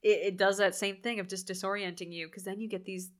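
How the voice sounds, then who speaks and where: A woman, animated and laughing often as she recaps a horror movie in casual chat. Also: medium pitch, fast. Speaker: podcast co-host.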